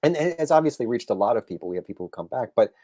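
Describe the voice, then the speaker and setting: A man, a comic book writer and guest on a casual podcast interview, telling stories with lively acted-out quotes and many restarts. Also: medium pitch, very fast, husky, no room sound, clean studio sound. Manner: animated storyteller, acts out quotes, frequent restarts.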